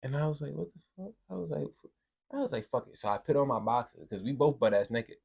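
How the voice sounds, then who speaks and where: A young man from Brooklyn, New spins a profane, animated story on a podcast. His voice sits at a middle pitch with a gravelly, fry-laden edge. He jumps into the voices of the people he quotes. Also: fast, lo-fi sound. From Brooklyn, New York. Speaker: podcast host telling a story. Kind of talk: casual storytelling.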